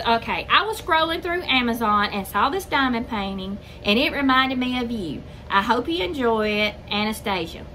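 A woman's voice: on the high side, sharp tone, a little hiss or hum, poor audio. An older woman, chatting casually to her viewers as a craft video host, rambling and calling them y'all. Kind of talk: casual chat.

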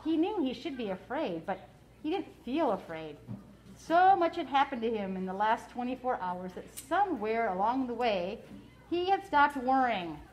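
A woman teacher reading a novel aloud to her class in a classroom, in a steady, clear storytelling way. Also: a little high, moderate pace, a little hiss or hum, low-quality recording.

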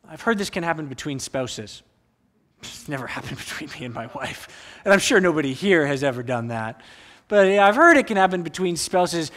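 A man preaching a sermon as pastor, with expressive delivery that acts out quoted voices. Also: fairly high pitch, brisk. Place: church sanctuary.

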